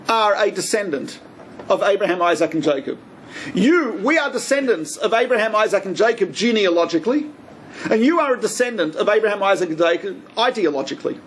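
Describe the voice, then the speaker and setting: A man, a rabbi, giving a lively lecture on religious law and acting out quoted speech with humor. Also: sits high, a little hiss or hum. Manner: lively, joking storyteller who acts out quoted speech.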